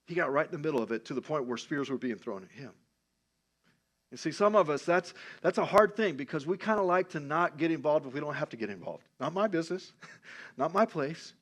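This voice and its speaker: A man pastor preaching a sermon in a lively, conversational storytelling way. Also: fairly high pitch, fairly quick.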